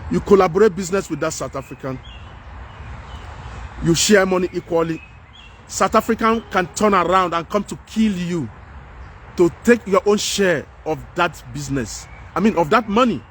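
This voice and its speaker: A man's voice: high voice, moderate pace, fairly bright tone, a little hiss or hum. A man with a Nigerian accent delivering a passionate, repetitive monologue, lecturing his listeners outdoors. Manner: preachy, repetitive, emphatic. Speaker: commentator. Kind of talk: impassioned monologue.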